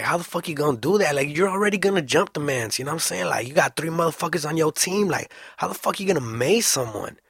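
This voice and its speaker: A young man telling a story casually, full of slang and swearing, animated and fast. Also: fairly high pitch, creaky, slightly rough, no echo, studio quality.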